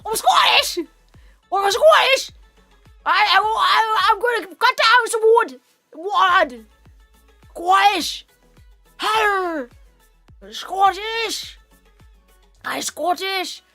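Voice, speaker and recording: A woman putting on a loud, goofy Scottish man with a clumsy, exaggerated mock accent. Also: extremely high pitch, normal speed, gravelly, few pauses, faint music behind, voice pushed up, full character voice. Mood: boisterous.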